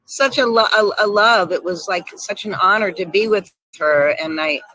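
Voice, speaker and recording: A woman guest shares stories with animated energy and frequent laughter. Her voice is bright and forceful, and it sounds dry and close with no room around it. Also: mid-range voice, normal speed, no room sound, low-quality recording. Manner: animated storyteller, laughs often. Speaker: guest actress. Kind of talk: casual storytelling chat.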